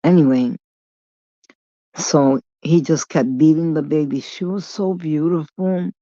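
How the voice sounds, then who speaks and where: A woman in a slow, rambling vlog monologue, blunt and swearing freely as she drifts off topic and back. Her voice sits dry and close, with no room around it, on a dull, lo-fi recording. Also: low voice, fairly even intonation, dark tone, no room sound. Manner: blunt, profane, digressive. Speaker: vlogger.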